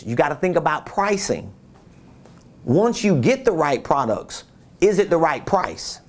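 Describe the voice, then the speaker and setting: A man giving a business coaching talk, emphatic and repeating his key points, who acts out quotes in different voices. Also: fairly high pitch.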